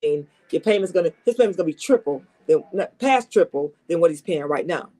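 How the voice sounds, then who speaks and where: A woman's voice: fairly low pitch, lively intonation, a little fast, dark tone. A woman who works as a car salesperson, giving casual advice from her desk at a dealership. She is coming down with a cold, and she talks in an emphatic, chatty way, repeating her key points. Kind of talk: casual advice talk to camera.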